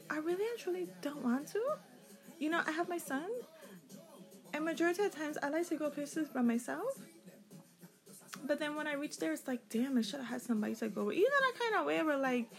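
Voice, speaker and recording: Chatty Caribbean woman with a gravelly voice. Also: high-pitched, poor audio. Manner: rambling, chatty, candid. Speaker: podcast host. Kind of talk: casual solo podcast monologue.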